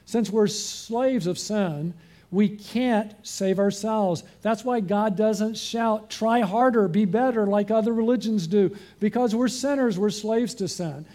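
A man's voice: high voice, slow, dark tone. A man preaching a sermon, reading scripture and asking his listeners questions. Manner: earnest, asks the congregation questions.

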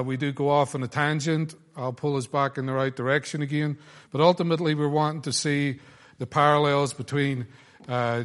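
An Irishman leading a group Bible study in a relaxed, chatty way with many fillers. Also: medium pitch. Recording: long hall reverb.

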